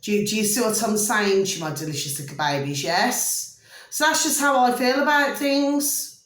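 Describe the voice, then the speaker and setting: A middle-aged woman rambles warmly to her viewers from home, forever asking whether they see what she means. Her voice sits at an ordinary mid pitch. The room rings a little around her. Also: normal speed. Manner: chatty, doting, keeps checking listeners follow. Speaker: vlogger doing readings. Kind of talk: rambling casual chat to camera. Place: indoors at home. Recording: roomy home recording.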